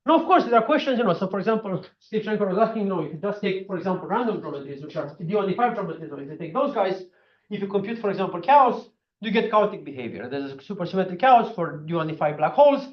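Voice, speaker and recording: Man, seminar talk, animated, frequent fillers, high voice, echoey room. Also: fast talker. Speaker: physics speaker. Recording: echoey room, dull lo-fi sound.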